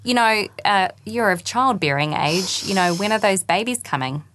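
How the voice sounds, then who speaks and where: Young woman, podcast co-host, relaxed chat, easygoing, mid-range voice. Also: mid-range voice, slight background noise. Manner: easygoing, quick agreeing fillers. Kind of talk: casual chat.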